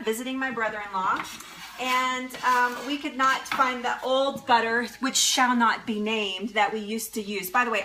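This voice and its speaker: In her kitchen at the stove, a woman hosts a live cooking demonstration, chatting in a bubbly way with her viewers and laughing often. Her voice is fairly high, and the background is noisy with a sizzling frying pan.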